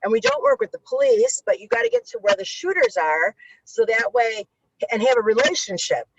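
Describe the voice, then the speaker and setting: A woman's voice: a little high, sing-song, brisk, highs cut off, noisy background. A middle-aged woman telling stories in an interview, swearing freely and acting out the voices of people she quotes. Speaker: guest, violence interrupter. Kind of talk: animated storytelling interview.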